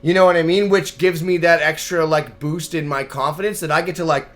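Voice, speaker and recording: A man's voice: fairly high pitch, steady tone, brisk, a bit bright. A man talking casually in an interview, brash and profane, telling hyped stories with bursts of laughter. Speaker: battle rapper guest.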